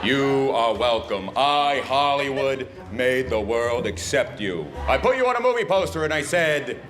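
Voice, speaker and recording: A man's voice: mid-range voice, lively intonation, a little slow, noisy background, natural voice. A man playing a smug, pompous president of Hollywood. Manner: smug, grandiose speech-giving.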